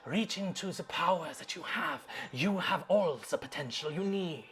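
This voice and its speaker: A man voicing a sinister fey patron spirit in a slow, hushed, coaxing whispered role-play. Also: a little high, a little hiss or hum.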